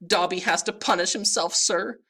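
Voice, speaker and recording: A man reading a storybook aloud and voicing a small, tearful, groveling male house elf in a high-pitched, excitable way. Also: moderate pace, exaggerated voice. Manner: earnest, excitable, wailing.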